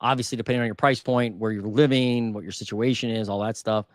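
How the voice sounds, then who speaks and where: A man's voice: on the low side, steady tone, quick pace, dry recording, studio quality. Casual man thinking aloud on market data. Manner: thinks aloud, restarts and repeats figures. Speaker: housing market channel host.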